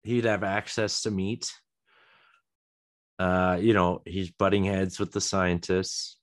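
A man's voice: sits low, little pitch movement, slow pace, dry recording, clean studio sound. A man hosting a podcast alone, rambling casually with chuckles, many ums and restarts. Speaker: podcast host. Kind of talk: casual solo chat.

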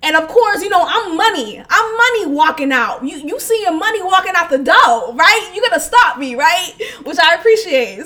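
A young woman hosting her own podcast, telling a story in a casual, animated and emotional way, laughing often and swearing. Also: high voice, normal speed. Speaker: podcast host.

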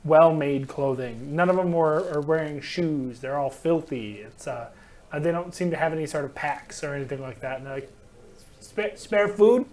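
A man's voice: on the high side, moderate pace, a little mellow. A man narrating as game master in a tabletop game, talking loosely with many fillers.

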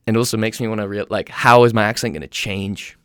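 Rambling young Englishman, smooth and dry. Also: on the low side, fairly even intonation, quick pace, fairly bright tone, no echo. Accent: English, softened by years in North America. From England. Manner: rambling, self-deprecating, many fillers. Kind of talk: casual rambling monologue.

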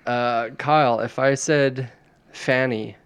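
A man's voice: mid-range voice, fairly even intonation, slow pace, clear, resonant tone. A man hosting a casual podcast chat, quizzing his friends on slang words and laughing often. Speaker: podcast host.

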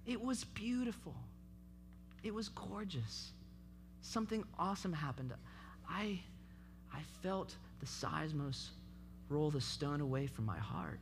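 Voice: medium pitch, expressive, a little slow, over music. A speaker giving an impassioned sermon at a youth event, urging listeners with repeated calls. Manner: impassioned, repetitive exhortation.

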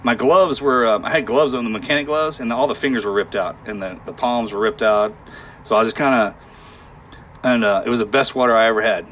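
Man recounting a harrowing ordeal haltingly. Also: mid-range voice, fairly bright tone, a little hiss or hum. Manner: halting, emotional, with sighs and restarts. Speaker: guest telling a war story. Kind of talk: candid storytelling in conversation.

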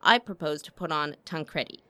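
A woman reading as a guarded male opera impresario, cool and sardonic. His dry, clipped remarks sit a little low in her voice as she tells the storybook tale. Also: moderate pace, sharp tone, clean tone.

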